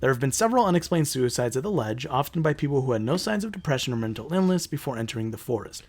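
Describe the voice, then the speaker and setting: A man's voice: medium pitch, animated, quick pace, a little mellow, no room sound. A man co-hosting a casual, profane, jokey podcast, reading legends from his notes between banter. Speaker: podcast co-host.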